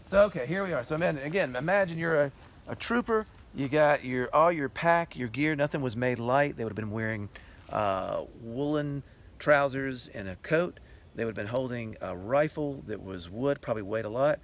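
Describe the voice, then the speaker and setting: A man's voice: mid-range voice, moderate pace. A man explaining things patiently and matter-of-factly to a companion while walking outdoors on a hillside. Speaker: tour companion explaining history. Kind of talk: casual explanatory chat. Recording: outdoor recording with road noise.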